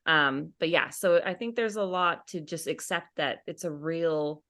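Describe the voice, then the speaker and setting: A woman's voice: low voice, measured pace. A woman hosting a podcast, chatting in a supportive way with lots of fillers like "you know" and "like". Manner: warm-hearted, filler-heavy, supportive. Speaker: podcast host. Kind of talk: casual chat.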